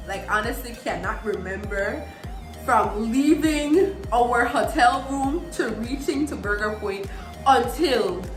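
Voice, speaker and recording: Bright echoey Belizean woman telling a story. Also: high voice. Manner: animated, laughing, emphatic. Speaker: vlogger. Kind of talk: casual storytime. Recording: echoey room with faint music.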